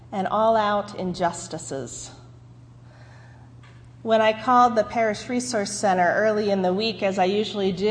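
A woman pastor preaching a sermon, telling a story in an earnest, measured way. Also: mid-range voice, long reverb tail, slight background noise.

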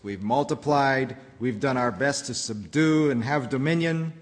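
A man preaching a sermon, reading a rhyming storybook aloud in an expressive, rhythmic way. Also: medium pitch, unhurried, long reverb tail. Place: church.

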